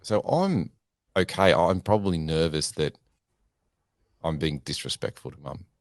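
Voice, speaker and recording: A man who is a podcast guest speaks in a quiet, measured and candid way, his voice worn from lack of sleep. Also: extremely low pitch, expressive, no echo, studio quality. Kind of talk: casual conversation.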